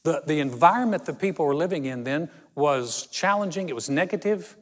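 A man delivers a sermon as a pastor, his voice sitting slightly high for a man. He talks through his story conversationally, slowing deliberately on key words. The recording has a long reverb from the church space. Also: lively intonation. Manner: storytelling, conversational with dramatic slow emphasis.

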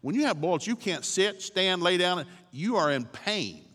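A man preaching with folksy, joking storytelling, his pitch rising and falling with animation. The sound carries a long church-hall reverb. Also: very animated, a little slow, a bit bright. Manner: folksy, humorous storytelling, chuckling. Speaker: guest preacher. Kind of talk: sermon.

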